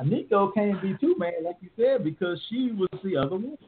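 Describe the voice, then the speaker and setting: A fast-talking man in his thirties, co-hosting a podcast with animated, slangy banter. His voice sits a bit high for a man. The sound is thin and tinny, like a phone line. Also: slight background noise. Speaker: podcast co-host. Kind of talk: casual chat.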